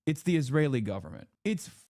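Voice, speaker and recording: A man's voice: mid-range voice, big pitch swings, fast, dark tone, no room sound, clean studio sound. A man doing live-stream political commentary, heated and indignant, with many fillers and restarts. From United States.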